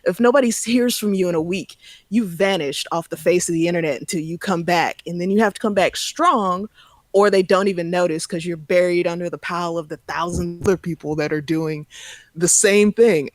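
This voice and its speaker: A man's voice: high-pitched, normal speed, no room sound. A man in casual podcast chat, talking earnestly in long runs.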